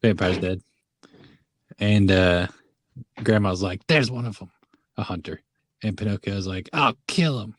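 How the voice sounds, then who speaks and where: A man's voice: fairly low pitch, unhurried, pauses often, no room sound, clean studio sound. A man co-hosting a podcast, retelling a movie in casual chat, laughing often and briefly acting out the characters' lines. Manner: laughs often, acts out quotes in funny voices. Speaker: podcast co-host.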